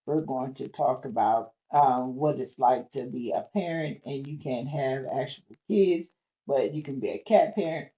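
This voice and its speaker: A woman's voice: a little slow, highs cut off. A middle-aged woman hosting her own podcast, talking openly and earnestly, her voice strained by lung disease and sometimes dropping near a whisper. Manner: expressive, open and earnest, pitch swinging high and low. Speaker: podcast host. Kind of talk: personal podcast monologue.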